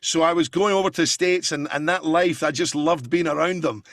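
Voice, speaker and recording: Male impressionist guest, lively anecdotal chat, slightly high, dry. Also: a little fast, dry recording. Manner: lively anecdotes, bursts of laughter and voices. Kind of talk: casual talk-show chat.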